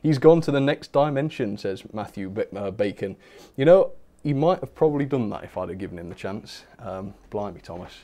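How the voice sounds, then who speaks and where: A man's voice: fairly low pitch, animated, a little fast, few pauses, dark tone. A young man hosting a livestream in a casual, chatty way, laughing often and talking to his viewers. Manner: chatty, giggly, self-mocking, reads chat aloud. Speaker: host of a model railway livestream.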